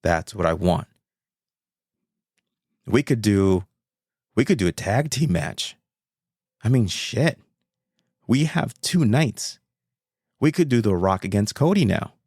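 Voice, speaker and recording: A man hosting a casual solo podcast, talking in an excitable, rambling way and swearing freely. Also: on the low side, takes it slowly, long pauses, breathy edge, no room sound, studio quality. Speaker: podcast host.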